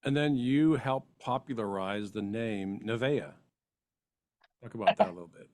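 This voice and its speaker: A male host asks his guest questions in a soft-spoken, gently probing way. His pitch sits in the middle range, and the sound is dry with no room echo. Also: normal speed. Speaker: podcast host, interviewer. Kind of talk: interview questions.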